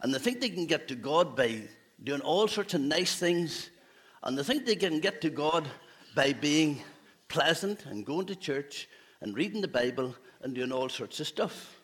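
A man's voice: on the high side, expressive, a little slow, fairly bright tone, slightly rough. A man, a pastor giving a playful children's talk in a church service, asking the children questions. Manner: playful, asks children questions, laughs often.

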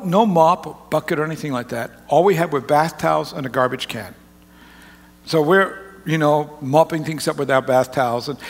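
A man preaching to his congregation, telling a rambling personal story in a folksy, joking way with frequent restarts. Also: on the high side. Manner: folksy, rambling, self-interrupting. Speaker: pastor. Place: large church auditorium. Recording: long reverb of a large hall.

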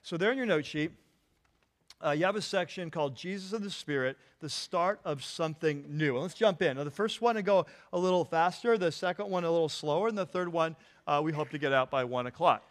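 A man's voice: fairly high pitch, fairly quick. A man preaching a sermon in an earnest way, often repeating words and asking the congregation to finish his sentences. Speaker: pastor.

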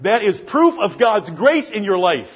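Preacher, male, high husky voice, fervent and emphatic, sermon delivery. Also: very animated, measured pace, muffled recording.

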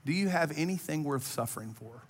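A man's voice: fairly high pitch, lively intonation, fairly quick, big-room sound. A man preaching a sermon as pastor, earnest and conversational, building to impassioned rising appeals. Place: church auditorium.

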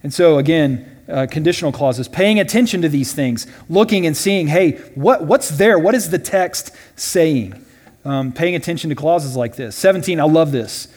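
A man teaching a Bible study class in a casual way, often checking in with "right?" and voicing quoted lines loudly and dramatically. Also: on the high side, expressive, normal speed. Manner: conversational, with frequent "right?" and "all right?" check-ins. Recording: long reverb from a large hall.

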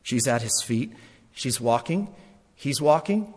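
A man preaching a sermon, repeating phrases for emphasis and swinging between loud and hushed. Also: mid-range voice, expressive, takes it slowly, breathy edge, in a large hall.

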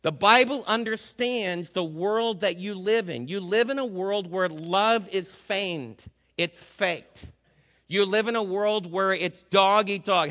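A man's voice: high voice, sharp tone, big-room sound. An older man preaching a sermon with energy, asking his listeners many questions. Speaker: pastor.

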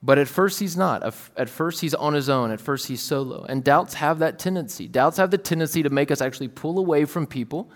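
A man in his thirties preaching a sermon in a relaxed, storytelling way, acting out voices from family anecdotes. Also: on the high side, brisk, few pauses. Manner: casual, storytelling, acts out his kids' voices. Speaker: pastor. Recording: long hall reverb.

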